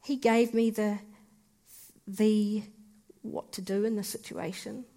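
A woman giving a personal faith testimony in an earnest, heartfelt way, speaking in short, halting phrases. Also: mid-range voice, flat delivery, dark tone.

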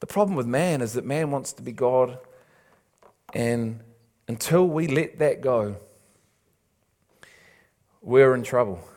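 A man's voice: mid-range voice, slow pace, long pauses, a little mellow. A man preaching a sermon, urging and imploring his listeners with repeated phrases and casual asides. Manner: impassioned, urging, repetitive emphasis.

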